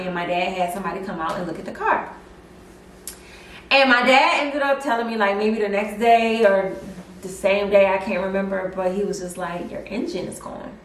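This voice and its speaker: A young woman telling a personal story in a casual vlog, chatty and animated with lots of fillers. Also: mid-range voice, a little fast, a little hiss or hum. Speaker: vlogger. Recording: roomy echo, mic at a distance.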